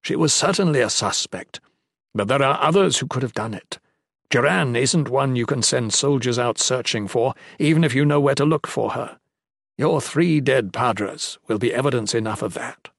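A man voicing a grave, calm old male magician who speaks in measured warnings. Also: medium pitch, vocal fry, no echo, clean studio sound.

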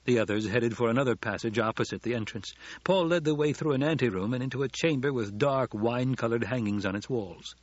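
A man narrating a novel as an audiobook, in steady storytelling. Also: mid-range voice, fairly quick, hardly any pauses, no echo. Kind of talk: scripted narration. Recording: dull lo-fi audiobook recording.

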